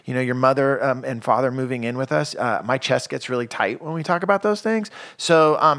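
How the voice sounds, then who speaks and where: A man's voice: mid-range voice, a little fast, few pauses, fairly bright tone. Laid-back rambling podcast host man. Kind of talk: casual chat.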